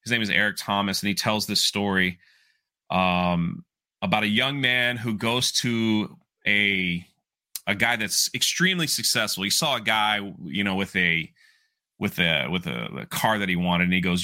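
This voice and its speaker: Bright-voiced podcast host. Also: male voice, fairly low pitch, moderate pace. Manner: animated storyteller, acts out quoted voices. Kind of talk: casual podcast chat.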